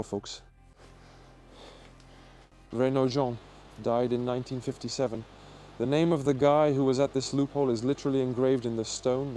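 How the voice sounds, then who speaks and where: A man narrating an exploration vlog as he guides viewers around, talking in an excitable, exclamatory way. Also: medium pitch. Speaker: urban explorer vlogger.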